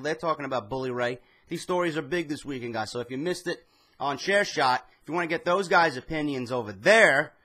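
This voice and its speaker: Swearing New guy, bright tense voice. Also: medium pitch. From New York. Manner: heated, swears constantly, storytelling rant. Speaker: wrestling commentary vlogger. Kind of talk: profane ranting monologue.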